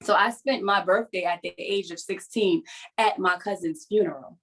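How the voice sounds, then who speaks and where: A woman's voice: lowish voice, fairly bright tone, low-quality recording. Earnest woman telling her story on a video call. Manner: earnest, halting, confessional. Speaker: writer and poet hosting a support session.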